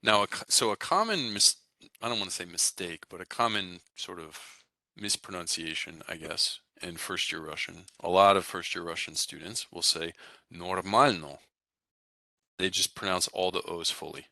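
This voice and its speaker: A man with a very low voice explains pronunciation to his class, steady and easygoing. His tone is strikingly bright and forceful, and it is recorded dry and close, with no room sound around it. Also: moderate pace, gravelly, no room sound. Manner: relaxed, explanatory, frequent "right?" and "okay?" check-ins. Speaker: Russian language teacher.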